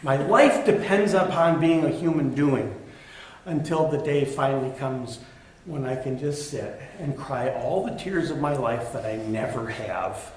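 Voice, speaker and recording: A man's voice: mid-range voice, a little slow. Man preaching in an echoey church. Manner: candid storytelling, self-deprecating humor. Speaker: pastor. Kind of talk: sermon. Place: church sanctuary. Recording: echoey church with faint ambient noise.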